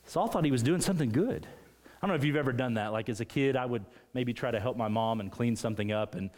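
A man preaching a sermon, retelling a scripture story with animated emphasis. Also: mid-range voice, quick pace.

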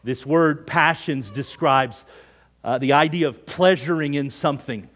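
A middle-aged man preaching a sermon as pastor, telling everyday stories with lively energy and dropping to hushed near-whispers for emphasis. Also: fairly high pitch, unhurried.

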